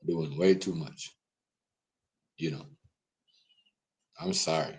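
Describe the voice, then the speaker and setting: A young man, live-streaming a heated, repetitive rant that swings from loud outbursts to low mutters. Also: fairly even intonation, takes it slowly, rough recording. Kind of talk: ranting live-stream commentary.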